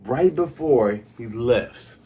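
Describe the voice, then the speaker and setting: Lively husky-voiced man recapping a comic. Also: mid-range voice. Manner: excitable, acts out characters' lines in quick voices. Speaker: manga review host. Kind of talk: casual chapter recap.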